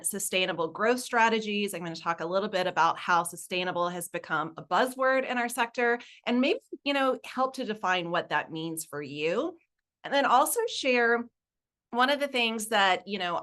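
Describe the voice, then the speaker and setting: Woman, Southern accent, forties, casual webinar talk, lively and chatty, bright tone, computer mic. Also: mid-range voice. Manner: upbeat, chatty, laughs easily. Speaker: nonprofit consultant presenting a webinar.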